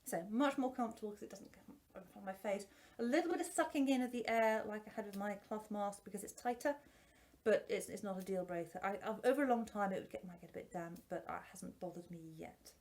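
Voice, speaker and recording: Fast and a little mellow, this mid-range female voice belongs to a singing teacher chatting casually about a product. The face mask she wears muffles her slightly, and she's self-deprecating, with many restarts.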